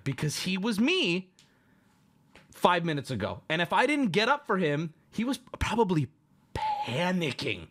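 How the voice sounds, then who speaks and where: A man hosting a stream, telling a crude story in a loud, animated rant and acting out the other people in it. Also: high-pitched, measured pace. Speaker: streamer host.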